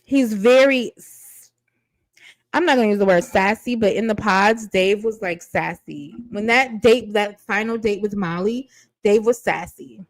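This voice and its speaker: A woman's voice: medium pitch, unhurried, no room sound, poor audio. A woman giving blunt, sassy commentary on a reality dating show, casual and mocking.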